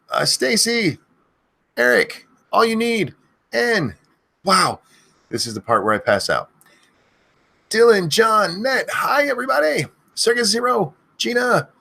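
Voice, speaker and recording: A middle-aged man hosting a live stream, chatting casually and crudely, swearing freely, and bursting into high-pitched shouts of viewers' names.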